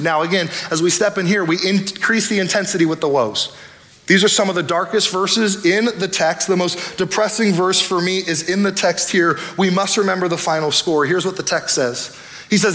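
A man pastor preaching a sermon in an energetic, conversational way, with acted asides. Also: high voice.

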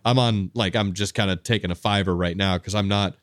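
A young man doing a deadpan improvised comedy bit, rambling laid-back with lots of fillers. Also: sits low, brisk, dry recording, studio quality.

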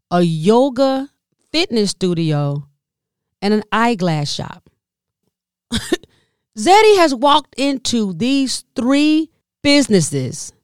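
Slow-talking woman telling a story. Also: clean tone, dry recording, clean studio sound. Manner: animated, addresses listeners as y'all, voice drops low and soft when moved. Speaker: podcast host. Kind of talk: personal storytelling podcast.

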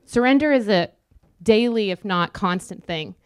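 A woman's voice: mid-range voice, lively intonation, normal speed, clean tone, no room sound, clean studio sound. A woman preaching a sermon, emphatic and repetitive, acting out quoted inner voices.

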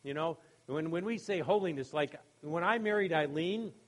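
A man's voice: fairly high pitch, normal speed. Conversational male pastor preaching. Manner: conversational, many "you know" and "okay?" asides; acts out quoted voices in humorous anecdotes, laughing. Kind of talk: sermon.

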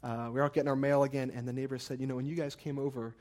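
A man's voice: medium pitch, flat delivery, very fast, a little mellow. A man in his thirties preaching a sermon, earnest, often repeating words as he builds a point and tells stories. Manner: earnest, repeats words when emphasizing, storytelling asides. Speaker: pastor.

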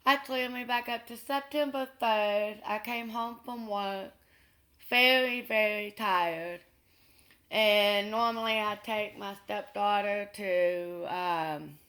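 A woman recounting a personal experience in an interview, earnest and unhurried, with pauses and restarts. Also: medium pitch, fairly bright tone.

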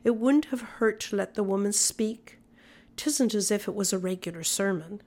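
A woman's voice: mid-range voice, normal speed, darkish tone, lightly acted. A woman reading the lines of a wry, easygoing male villager.

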